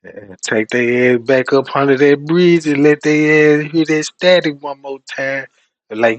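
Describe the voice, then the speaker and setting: Profane, animated man telling comic stories. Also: on the high side, a little slow, no room sound. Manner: profane, animated, laughing often. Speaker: streamer. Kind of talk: comedic storytelling rant.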